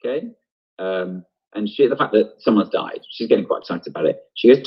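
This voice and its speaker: A man's voice: fairly low pitch, animated, brisk, breathy edge, lo-fi sound. A man teaching an online drama lesson, explaining step by step and thinking aloud. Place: home, on a video broadcast.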